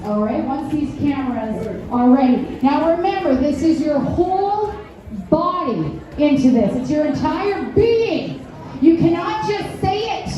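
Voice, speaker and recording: A woman emceeing a rally, hyping the crowd with energetic call-and-response chants. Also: sits high, reverberant, recorded from a distance, low-quality recording. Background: crowd noise.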